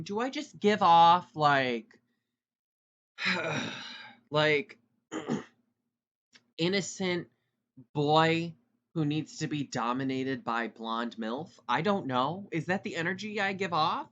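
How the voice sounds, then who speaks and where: Fast, loud, bright-voiced young man. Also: fairly high pitch, lo-fi sound. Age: 20s. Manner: talks fast and loud, rambling asides. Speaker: podcast host. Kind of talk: casual solo podcast chat.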